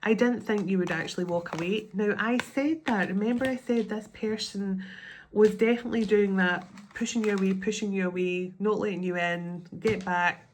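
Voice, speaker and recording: A woman's voice: mid-range voice, normal speed, slight background noise. A woman giving a tarot card reading. She thinks aloud in a chatty way and often restarts her sentences. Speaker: tarot reader.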